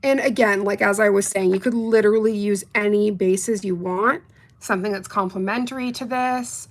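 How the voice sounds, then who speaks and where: A young adult woman with a mid-range voice and moderate pace reviews nail polish during a casual unboxing chat. She's bubbly and talkative, addressing her viewers directly.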